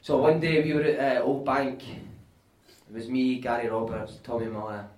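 A Scottish man telling animated, sweary anecdotes on stage at a live podcast show, often laughing as he talks. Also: mid-range voice, normal speed. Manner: animated, sweary, laughing through his stories. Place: live venue with audience. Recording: echoey room, mic at a distance.

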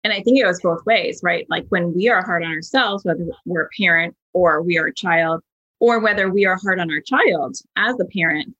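A husky-voiced woman in her thirties hosts a podcast. She tells stories casually and chattily, full of fillers and asides. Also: lowish voice, moderate pace, dull audio. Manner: chatty, animated storyteller with many fillers. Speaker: podcast host. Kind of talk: casual conversational storytelling.

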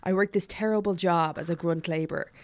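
A woman hosting a chatty podcast, reacting quickly and swearing freely as she tells a story. Her delivery is animated and casual. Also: fairly low pitch. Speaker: podcast host.

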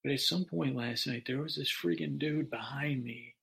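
A man's voice: mid-range voice, normal speed, fairly bright tone. A man hosting a podcast, telling a meandering improvised bedtime story full of asides and restarts. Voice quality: gravelly.

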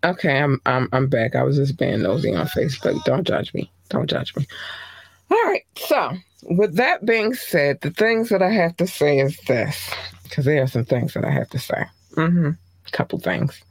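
A woman hosting her podcast in casual solo chat, warmly thanking listeners place by place and jumping high in pitch when excited. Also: normal speed, husky. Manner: effusive, shouting out listeners by country. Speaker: podcast host.

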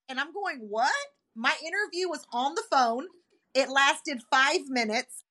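A woman with a bright, forceful voice sits a touch high in her range as she tells a story in a relaxed podcast chat. She slips into the voices of the people she quotes, keeping the telling animated. Her delivery is lively and conversational. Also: measured pace. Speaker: podcast co-host.

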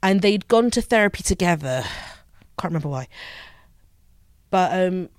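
A woman's voice: lowish voice, expressive, moderate pace, no echo, clean studio sound. A woman, a journalist talking as a guest in an interview, thoughtful and candid, slipping into voices when she retells things. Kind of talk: reflective conversational interview.

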